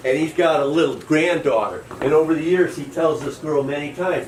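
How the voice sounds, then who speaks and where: A man's voice: a little high, moderate pace, hardly any pauses, slight background noise. Man, tour guide, folksy yarn-spinner, distant roomy recording with faint background ambience. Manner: folksy, animated storyteller. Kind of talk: storytelling to a crowd.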